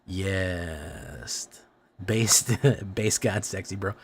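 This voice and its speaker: A young man streaming a card game live, joking around and chatting excitedly with his viewers. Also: lowish voice, moderate pace, slight background noise. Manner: excitable, joking, talks to chat. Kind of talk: casual live-stream commentary while playing a card game.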